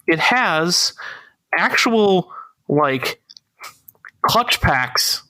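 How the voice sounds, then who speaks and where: A man's voice: high-pitched, big pitch swings, very slow, bright, forceful tone, no echo. A young man co-hosting a casual car podcast, laughing often and explaining technical details in a laid-back way. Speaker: podcast co-host.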